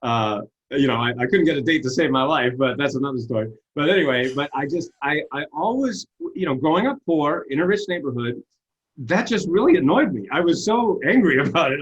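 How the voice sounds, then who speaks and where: Guy on a video call interview, earnest storyteller, kinda husky voice, muffled audio. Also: a little high, a little fast. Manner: earnest storytelling, self-deprecating, animated retellings. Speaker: interview guest, success coach. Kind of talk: casual conversational interview.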